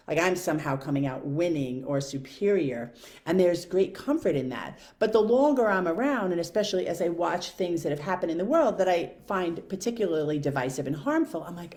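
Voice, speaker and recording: A woman's voice: fairly low pitch, animated, brisk, darkish tone. A woman vlogger talking through her own thoughts in a candid, self-questioning, casual monologue. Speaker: video blogger. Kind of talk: reflective personal monologue.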